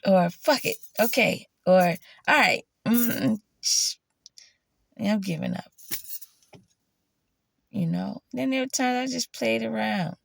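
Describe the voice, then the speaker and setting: A woman vlogger telling a profane, animated story in casual monologue and often quoting herself. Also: mid-range voice, takes it slowly, creaky, pauses often, no room sound.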